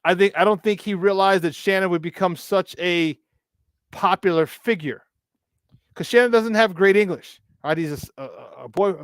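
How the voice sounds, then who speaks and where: This morning sports talk host has a voice that sits high and moves at a normal clip. The studio sound is clean with no echo, and his delivery is casual yet emphatic, full of repetition and preachy asides.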